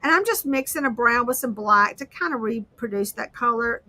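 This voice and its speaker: A woman's voice: a little high, lively intonation, moderate pace, pushed and bright, no echo. A woman hosting a casual crafting livestream, chatting in a rambling, self-deprecating way. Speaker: livestream host.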